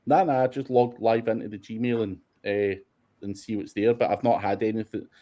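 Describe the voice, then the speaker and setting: Mellow-voiced Scottish man, blunt and sweary. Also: on the low side, steady tone, normal speed. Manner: blunt, sweary, laughs between points. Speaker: host of SEO Q&A. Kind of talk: casual livestream Q&A.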